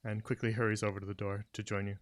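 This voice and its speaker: A game master narrating a tabletop game, relaxed with frequent fillers. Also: low-pitched, fast.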